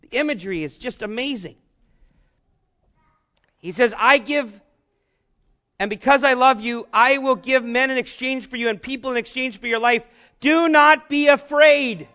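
A man preaching a sermon, asking the congregation rhetorical questions and slowing down to stress repeated phrases. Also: very high-pitched, bright, forceful tone. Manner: rhetorical questions, emphatic slow repetitions. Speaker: pastor.

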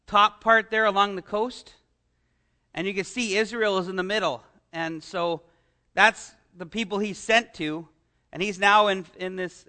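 A man delivers a conversational sermon in a strikingly high voice. His tone is bright and sharp as he poses rhetorical questions and chuckles between points. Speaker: pastor.

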